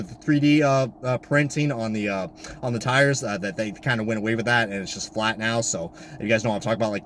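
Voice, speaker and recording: A man ranting loudly on camera about diecast cars, swearing and swinging from high exasperated shouts down to low mutters. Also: a little hiss or hum. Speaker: diecast collector vlogger. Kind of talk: profane comedic rant. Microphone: camera mic.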